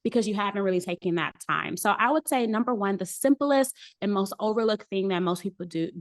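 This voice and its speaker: An earnest woman career coach explains her advice in an easygoing podcast conversation. Her voice sits at an ordinary middle pitch, and she leans on key points with steady emphasis. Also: brisk. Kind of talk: casual podcast interview.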